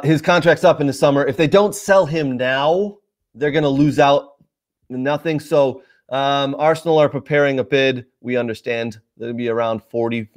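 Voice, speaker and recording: A man hosting a live soccer show, talking casually to viewers with lots of fillers and asides. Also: medium pitch. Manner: chatty, addresses viewers directly, many fillers. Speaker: sports show host.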